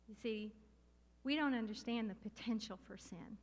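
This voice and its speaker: A middle-aged woman preaching a sermon with passion and emphasis, slowing down to stress key words. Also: a little high. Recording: long hall reverb.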